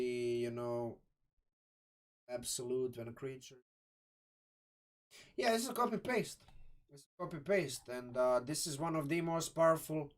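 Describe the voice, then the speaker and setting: Excitable Croatian man streaming, slightly distant mic. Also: a little high. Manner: excitable, rambling, swears casually, many restarts. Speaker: live streamer reviewing a game sourcebook. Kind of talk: casual live-stream commentary.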